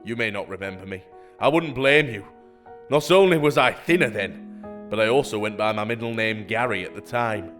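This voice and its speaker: A man's voice: fairly low pitch, normal speed, fairly bright tone, lightly acted. A man voicing a lovesick, melodramatic fake banker, reading over-the-top love letters over faint music. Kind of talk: reading bait emails aloud.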